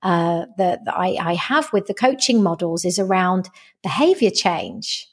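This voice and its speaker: Her voice is husky and on the low side, and she speaks at a measured pace. A dating and relationships coach appearing as a podcast guest, she chats casually and brings her stories to life by performing the voices of the people she quotes.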